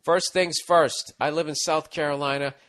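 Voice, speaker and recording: Man, Boston accent, middle-aged, podcast host, swearing, ranting, animated storytelling. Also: a little high, normal speed. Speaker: podcast host reading listener mail. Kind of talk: casual advice podcast.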